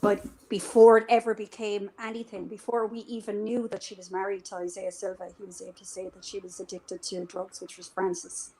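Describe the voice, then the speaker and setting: A woman in a live streamed chat, recounting events in an animated, conversational way. She swears freely and slips into the voices of the people she quotes. Her pitch sits in an ordinary middle range. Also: brisk, hardly any pauses, rough recording. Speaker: interview guest. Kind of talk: casual storytelling.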